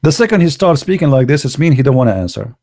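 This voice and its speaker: Here the host talks fast and animatedly, his voice on the high side with a dark tone. He's a man from the Arab world giving a blunt, emphatic, opinionated livestream monologue full of rhetorical questions, in broken, non-native grammar.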